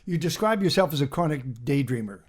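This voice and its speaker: Chatty male interview host, slightly high-pitched, casual and agreeable. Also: very animated, fast talker.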